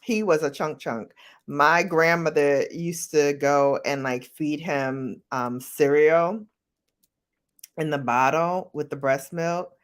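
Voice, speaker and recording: A middle-aged woman vlogger chatting casually with viewers, animated and laughing as she tells stories. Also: slow pace. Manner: animated, laughing, jumps into high-pitched quoted voices. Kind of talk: casual chat answering viewer questions.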